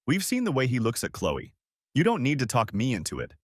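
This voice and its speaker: A man's voice: mid-range voice, wildly swooping pitch, a little fast, breathy edge, no room sound, clean studio sound. A man voicing a smug, scheming brother coaxing a woman along.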